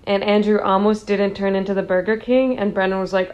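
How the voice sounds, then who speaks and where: A young woman with a mid-range voice talks in relaxed casual chat. She mocks herself, and her laughs break into what she says. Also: mid-range voice, brisk, muffled recording. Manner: self-mocking, laughing.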